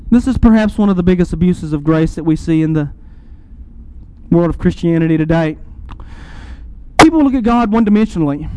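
High-voiced, emphatic man preaching. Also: darkish tone, no echo, rough recording. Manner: preaching with rising emphatic swells and slow pauses. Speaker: pastor. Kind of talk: sermon.

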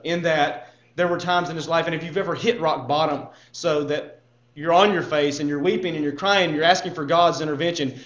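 A man's voice: on the high side, roomy sound, muffled recording. Earnest man teaching a Bible class. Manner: earnest, with frequent restarts and rhetorical questions.

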